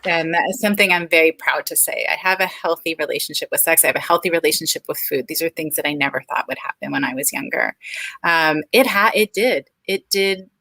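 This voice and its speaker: Interview guest, woman, 40s: candid and earnest, low-set but bright voice, dry close sound. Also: a little fast, creaky, dry recording, low-quality recording. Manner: frank, earnest and open. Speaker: guest, speech-language pathologist.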